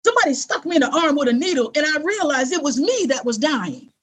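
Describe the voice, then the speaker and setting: A woman's voice: high-pitched, quick pace. A middle-aged woman, an interview guest, telling a personal story in an earnest, conversational way and acting out the voices of people she quotes. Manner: animated, acts out quoted voices.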